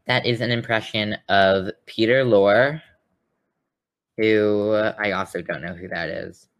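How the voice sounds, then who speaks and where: A man's voice: on the low side, steady tone, a little slow, a bit bright. Rambling male podcast co-host. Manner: rambling, many fillers. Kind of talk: casual chat.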